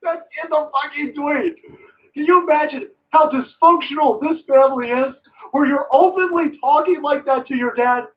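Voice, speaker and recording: A man's voice: very high voice, normal speed, far from the mic, muffled recording. A man hosting a live stream, ranting sarcastically about politics and swearing freely. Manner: profane, sarcastic, loud.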